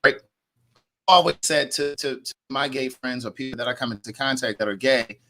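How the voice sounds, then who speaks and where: Bright-voiced man explaining calmly. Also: medium pitch. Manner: measured, calm explaining. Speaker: panel guest. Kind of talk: panel discussion.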